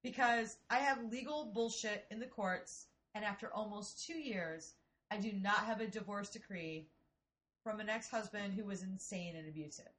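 A woman in her forties from Ohio, telling a story in casual, profane, animated chat. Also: mid-range voice, moderate pace. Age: 40s.

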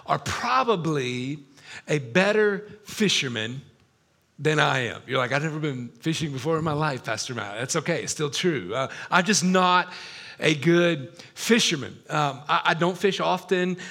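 A male pastor delivering a sermon through casual, self-mocking stories. His voice sits a bit high and rings bright and forward, with a gravelly edge at the ends of his phrases. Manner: casual, self-deprecating storyteller. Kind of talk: storytelling sermon.

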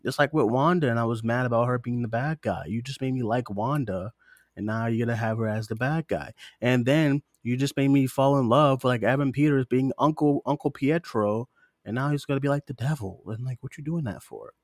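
Man, twenties, podcast co-host, animated, quick asides, dry close mic. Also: medium pitch, no echo. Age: 20s. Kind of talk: casual chat.

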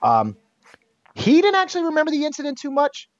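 A man being interviewed, telling a personal story in a candid, animated way and swearing casually. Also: extremely high pitch, fairly quick, no echo. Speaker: interview guest. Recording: dull, dry sound.

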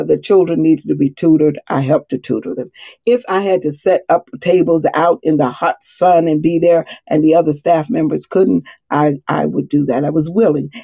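A woman's voice: deep voice, vocal fry, dark tone, husky, dry recording. A woman teaching on a morning call, earnest and rambling, often restarting her sentences. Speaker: Bible study teacher. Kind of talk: casual spoken teaching.

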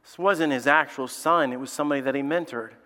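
A man's voice: medium pitch, fast talker, sharp tone, in a large hall. A man preaching a sermon as lead pastor, emphatic and repeating his key lines.

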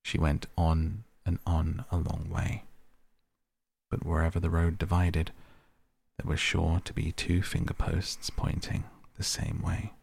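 A man reads a classic children's story aloud in a steady, even storyteller's manner. His voice is very deep and gravelly, with a husky texture. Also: unhurried. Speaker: narrator.

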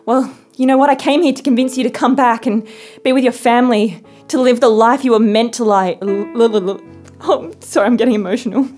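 A woman's voice: on the high side, fairly quick, a little mellow, soft background music, close to an everyday voice. A woman playing a hurt, indignant daughter confronting her father in a comedy sketch. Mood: earnest. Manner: accusing, earnest.

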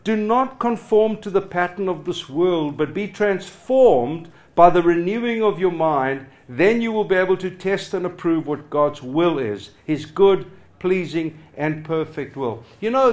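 A middle-aged man preaching a passionate sermon to his congregation, swinging from loud urging to quiet, hushed lines. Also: high-pitched, lively intonation, a little slow. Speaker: pastor. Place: church hall with a congregation.

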